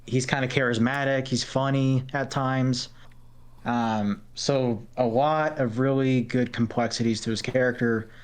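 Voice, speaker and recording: Smooth-voiced man giving blunt film verdicts. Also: mid-range voice, steady tone. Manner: frank, blunt, measured. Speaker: podcast co-host. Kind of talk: casual film review chat.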